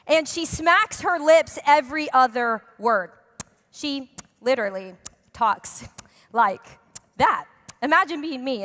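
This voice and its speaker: A young woman pastor preaches a sermon in a church hall, chatting and joking with the congregation. Her voice is high and a bit bright, and the hall adds long reverb.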